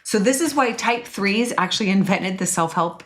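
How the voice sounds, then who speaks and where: A woman teaching about personality types in a chatty, expressive way, often acting out quotes. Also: medium pitch, moderate pace. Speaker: Enneagram coach and teacher. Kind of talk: casual teaching talk to an online class.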